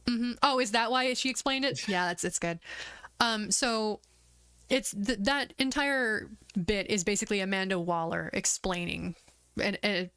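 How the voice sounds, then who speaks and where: A woman's voice: medium pitch, unhurried, clear, resonant tone, dry recording. A woman streaming, chatting casually and retelling scenes with acted-out quotes and lots of fillers. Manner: animated retelling, acts out quoted lines, lots of "like". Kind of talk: casual chat.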